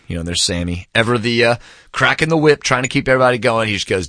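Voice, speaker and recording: A man's voice: mid-range voice, quick pace, bright, forceful tone, dry recording, clean studio sound. A man in his forties casually reviewing a book, telling stories with enthusiasm, acting out quotes and saying "man" a lot.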